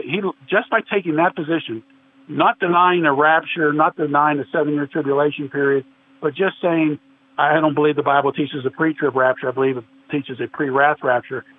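Earnest guy explaining bible stuff, kinda high voice, sounds like he's on a tinny phone line. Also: brisk, slight background noise. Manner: earnest, explanatory, quotes scripture at length. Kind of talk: conversational religious discussion.

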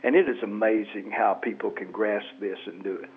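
A man's voice: lowish voice, fairly even intonation, brisk. A man who is an author and pastor, talking as a guest in a radio interview with an emphatic, preacher-like cadence. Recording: tinny phone line.

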